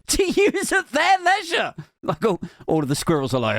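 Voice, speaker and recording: A man's voice: very high voice, wildly swooping pitch, moderate pace, a bit bright, dry recording. A man hosting a comedy podcast, ranting satirically in a mocking tone, swearing, often breaking into laughter. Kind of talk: satirical rant.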